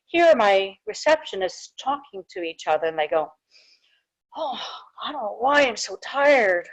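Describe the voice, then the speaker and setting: A woman's voice: medium pitch, lo-fi sound. Chatty woman hygienist giving a webinar. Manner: chatty, informal, frequent fillers and restarts. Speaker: dental hygienist presenting a webinar. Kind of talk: casual live webinar talk.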